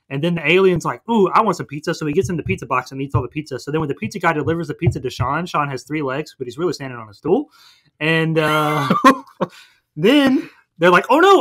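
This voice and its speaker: A man in goofy, fast comedy-podcast mode, hurtling through a cartoon plot. His voice sits a little high and bright, with a forceful edge, and he keeps breaking into silly character voices. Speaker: podcast co-host. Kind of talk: casual comedic movie recap.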